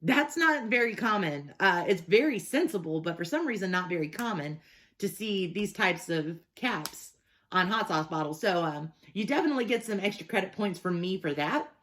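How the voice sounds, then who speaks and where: A woman's voice: fairly low pitch, lively intonation, normal speed, a bit bright. A young adult woman hosting a casual hot sauce review, chatty and enthusiastic as she reads the labels aloud.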